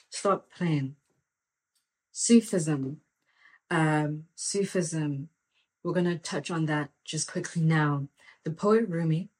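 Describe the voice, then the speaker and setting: A woman hosting a podcast, giving a spirited motivational monologue in a preachy, emphatic way, repeating phrases for emphasis and breaking into excited outbursts. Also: sits low. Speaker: podcast host.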